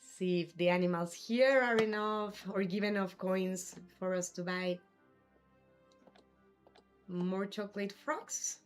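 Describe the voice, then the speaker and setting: A woman's voice: lowish voice, fairly even intonation, measured pace, few pauses, faint music behind. A woman hosting a live gaming stream, casually chatting and answering her viewers' chat messages. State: has the hiccups. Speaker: livestream gamer host.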